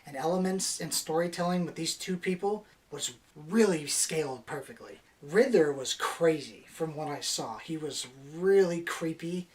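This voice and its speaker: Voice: medium pitch, moderate pace, hardly any pauses, a little mellow, distant mic. A movie reviewer ranting in a vlog, annoyed, blunt and crude.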